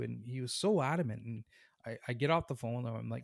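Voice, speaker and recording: Man, gravelly voice, dry close sound, animated storyteller, acts out quoted people. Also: mid-range voice, brisk, no room sound. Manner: animated, acts out other people's lines, laughs often. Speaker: tattoo artist and guest. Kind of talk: casual storytelling.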